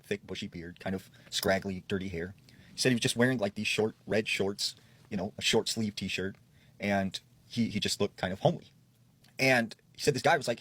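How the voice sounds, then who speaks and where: A man casually retelling creepy campfire stories, dropping his voice to quote people. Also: breathy edge. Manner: relaxed retelling, quoting people in a lowered voice. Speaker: storyteller. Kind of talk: casual spoken storytelling.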